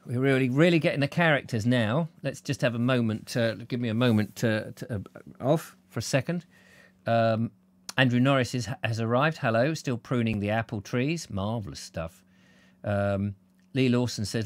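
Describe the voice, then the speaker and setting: A British man with a mid-range voice, speaking at normal speed, gives a live reading of a novel as a storyteller. He then chats with viewers on his live stream, warmly reading out their comments.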